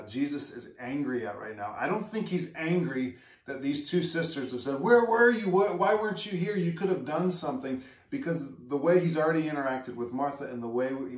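A male pastor delivers an earnest, conversational sermon, often asking his congregation questions. His voice is neither high nor low. It rings through a roomy, echoing space and sounds as if it comes from some way off the microphone. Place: church sanctuary. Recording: echoey room, mic far off.

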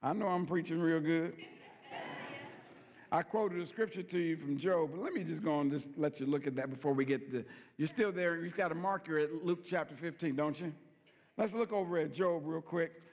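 Pastor, male, lively folksy preacher with a high voice, recorded in an echoing sanctuary. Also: moderate pace. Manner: folksy, playful preaching with call-and-response questions. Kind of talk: sermon.

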